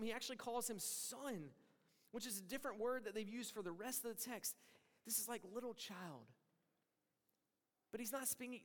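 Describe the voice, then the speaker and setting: A male pastor with a high voice preaches a sermon, dropping to near-hushed lines and then rising to emphatic points. He acts out the people he quotes. His voice carries a long reverb from a church sanctuary.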